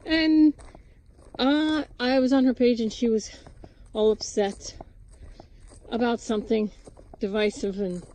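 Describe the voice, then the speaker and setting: A woman's voice: fairly high pitch, a little mellow, a little hiss or hum. Rambling chatty woman outdoors. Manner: rambling, chatty, restarts and asides to animals. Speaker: vlogger. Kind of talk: casual storytelling while doing farm chores. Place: outdoors at a farm with goats and chickens.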